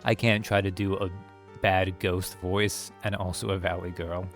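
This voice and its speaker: A man's voice: low voice, flat delivery, unhurried, faint music behind. A man casually commenting while playing and reading a game aloud, rambling and self-mocking. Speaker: let's play streamer reading all parts. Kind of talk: casual let's play commentary.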